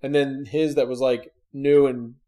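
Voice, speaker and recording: A man's voice: medium pitch, flat delivery, a little slow, mellow. A young man co-hosting a podcast, telling funny anecdotes in casual chat. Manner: storytelling, laughing, playing characters in anecdotes. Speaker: podcast co-host.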